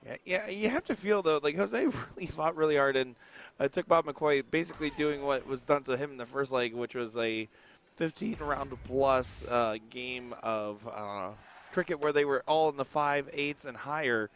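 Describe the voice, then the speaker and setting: A man giving color commentary on a darts stream, chatty and quick to laugh. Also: mid-range voice, a bit bright, slight background noise. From United States. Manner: laughs often, chatty and enthusiastic.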